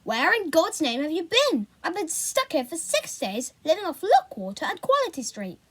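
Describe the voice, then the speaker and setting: A bossy teenage big sister who talks loudly and sounds exasperated, as a woman reading aloud puts her on. Her voice sits high and swings around a lot. She scolds with urgency. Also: wildly swooping pitch, moderate pace, full character voice.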